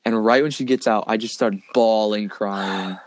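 A man's voice: on the low side, steady tone, normal speed, background noise. A young man telling a long personal story in casual chat, rambling, with many fillers like "like" and "dude". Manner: rambling, filler-heavy, says "like" and "dude" often.

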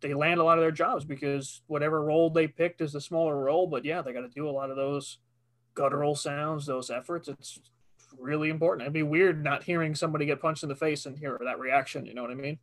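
A man's voice: fairly high pitch, fairly even intonation, quick pace. A man, a voice actor, chatting casually on a podcast as a guest, joking, swearing freely and laughing often.

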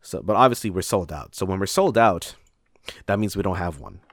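A man's voice: low-pitched, lively intonation, fairly quick, dry recording, clean studio sound. A young man tells a rambling, profane story about his retail job, full of fillers and put-on voices. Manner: rambling, heavy on fillers and swearing, acts out voices. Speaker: retail worker telling a story.

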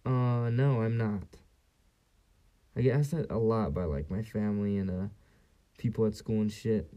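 Young man from San Diego hosting a solo podcast: low, mellow voice, rambling and profane. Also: normal speed. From San Diego area, US. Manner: rambling, profane, frequent fillers. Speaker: podcast host. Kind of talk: casual solo podcast rant.

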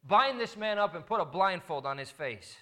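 A man's voice: high-pitched, expressive, normal speed, sharp tone. A man playing a proud, imperious emperor inside a sermon story, giving commands. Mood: haughty. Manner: commanding, barked orders.

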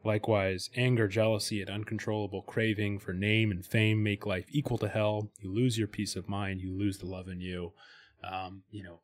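This podcast host's voice is fairly low and fairly flat, moving at a normal pace. He's talkative in a casual conversation about spirituality, restarting often, leaning on fillers, and now and then reading passages aloud.

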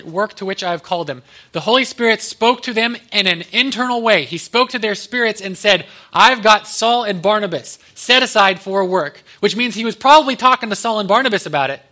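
Guy preaching a sermon, kinda high pitched, cracks little jokes as he goes. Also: bright, forceful tone. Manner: conversational, joking asides. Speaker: pastor.

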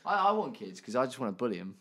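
A man's voice: medium pitch, very animated, racing, a bit bright. A man, co-hosting a casual podcast and telling stories in a rambling way full of fillers and restarts. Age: 20s. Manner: rambling, filler-heavy storytelling with many restarts. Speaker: podcast co-host. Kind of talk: casual chat.

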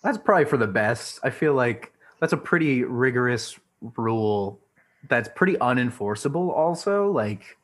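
A man's voice: mid-range voice, lively intonation, moderate pace, fairly bright tone. A young man co-hosting a casual podcast chat, playful and self-mocking as he spins a joking story.

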